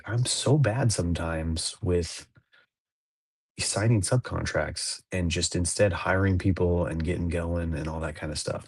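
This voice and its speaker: A man's voice: deep voice, darkish tone, husky, no echo. A man in his thirties, a podcast co-host, talking casually in a rambling, laid-back way with lots of fillers and restarts. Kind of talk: casual chat.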